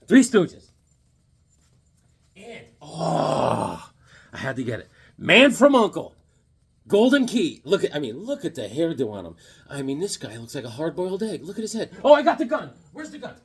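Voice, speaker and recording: A man's voice: a little high, wildly swooping pitch, normal speed, vocal fry, husky. A middle-aged man chatting casually about his comic books, rambling and enthusiastic with lots of fillers. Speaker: comic book vlogger. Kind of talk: casual chat.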